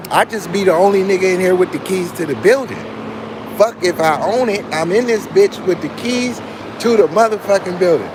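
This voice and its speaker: A man's voice: sits high, moderate pace, background noise. Swaggering, profane man on a live rant. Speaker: channel host. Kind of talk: casual live-stream rant. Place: indoor building with parked cars.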